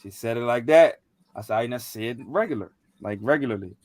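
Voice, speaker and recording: A man's voice: medium pitch, expressive, fast talker, no echo, studio quality. A young man in casual chat, telling a rambling, slangy story with lots of fillers and restarts. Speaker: podcast co-host.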